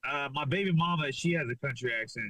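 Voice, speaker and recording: A man from Los Angeles, a fighter, being interviewed as a podcast guest and speaking in a laid-back, halting way with lots of repeated words. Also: fairly high pitch, bright, forceful tone, a little hiss or hum, low-quality recording. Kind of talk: casual interview chat.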